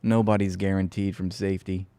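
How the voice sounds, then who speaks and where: A man with a fairly low voice hosts a live reaction stream. He rambles in a sarcastic, profane way. The sound is dry and close, with no room echo. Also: level tone, brisk, warm tone, clean tone.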